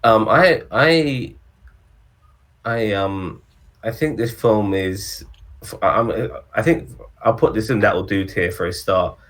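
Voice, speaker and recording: A man's voice: lowish voice, slow pace, a bit bright. A man co-hosting a casual movie-ranking chat, rambling with ums and restarts. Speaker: podcast co-host.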